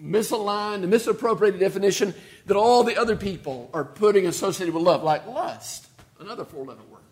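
A man preaching a sermon, telling a story with sudden shifts between loud and quiet and repeating key phrases for emphasis. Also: high-pitched, a little fast. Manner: storytelling with dramatic swings in loudness and pace.

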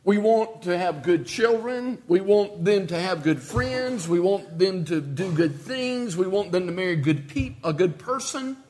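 A man preaching a sermon, telling a story with sudden shifts between loud and quiet and repeating key phrases for emphasis. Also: high-pitched, lively intonation, measured pace, few pauses. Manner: storytelling with dramatic swings in loudness and pace.

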